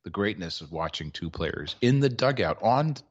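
A man's voice: on the low side, lively intonation, normal speed, lo-fi sound. A man co-hosting a podcast, telling a sports story in a wry, rambling way with plenty of filler words. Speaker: podcast co-host. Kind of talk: casual sports chat.

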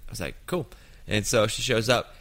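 A man in his fifties hosting a casual chat, telling an anecdote with lively jumps into quoted voices. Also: on the low side, quick pace. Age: 50s.

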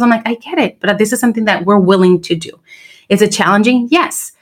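A woman's voice: medium pitch, fast talker. A woman in her thirties co-hosting a podcast, talking candidly and slipping Spanish phrases into her English. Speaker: podcast co-host. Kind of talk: casual chat.

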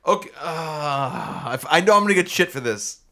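A man's voice: a little high, big pitch swings, moderate pace, creaky, a bit bright. Stammering man on a podcast. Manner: hesitant, stammering restarts. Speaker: podcast co-host. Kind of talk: casual chat.

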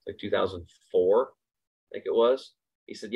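A man's voice: on the low side, moderate pace, a little mellow, breathy edge. A man hosting a casual motivational talk, speaking emphatically and repeating his points for stress. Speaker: host. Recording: slightly dull lo-fi recording.

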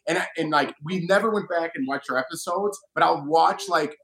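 Animated higher-voiced man telling stories. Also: a little fast. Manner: animated storyteller, acts out quotes. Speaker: reality show alum guest. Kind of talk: casual chat.

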